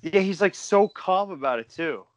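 A man co-hosting a casual sports podcast, talking excitedly, repeating himself and mimicking players. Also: high voice, normal speed, a little hiss or hum. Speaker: podcast co-host.

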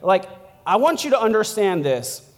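Male pastor, high voice, casual laid-back sermon, laughs often, long church echo. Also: sing-song, normal speed. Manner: chatty, laughing, lots of "like" and "right?".

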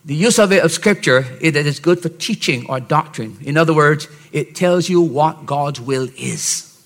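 Man preaching a sermon, fairly high voice, goes quiet then shouts his points, keeps saying see?. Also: moderate pace. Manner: emphatic preaching, swings from soft asides to shouted points; keeps checking on listeners with "See?". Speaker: pastor.

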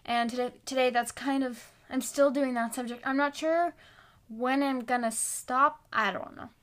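This woman's high, slightly bright voice has fairly even intonation and a normal speed. She hosts her own podcast from the floor at home, recording on a phone, and her casual chat rambles along with lots of fillers and self-deprecating remarks.

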